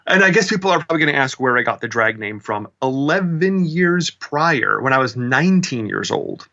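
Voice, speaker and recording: Midwestern man, 40s, interview guest; bright, lo-fi sound, rambling and animated. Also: medium pitch, normal speed, hardly any pauses. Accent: Midwestern American. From American Midwest. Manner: chatty, animated, self-mocking with many fillers. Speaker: interview guest, drag performer. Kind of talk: casual storytelling interview.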